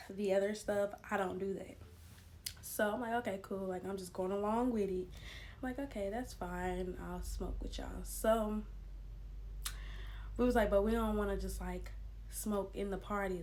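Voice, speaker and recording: Animated young woman telling a story. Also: medium pitch, slight background noise. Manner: animated, slangy, addresses viewers as y'all. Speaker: storytime vlogger. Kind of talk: casual storytelling to camera.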